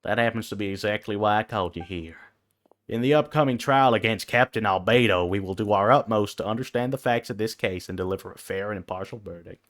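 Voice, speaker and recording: A man's voice: fairly low pitch, quick pace, a bit bright, voice pushed down, close to an everyday voice. A man doing a cowboy-voiced knight commander. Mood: formal. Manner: silly cowboy voice; formal, stately reading. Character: stern female knight commander, formal and dutiful. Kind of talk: reading game dialogue aloud on stream.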